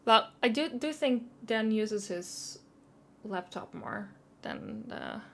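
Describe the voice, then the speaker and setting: A woman's voice: on the high side, wildly swooping pitch, takes it slowly, gravelly, a little hiss or hum. A woman streaming live, chatting casually and self-consciously while reading chat.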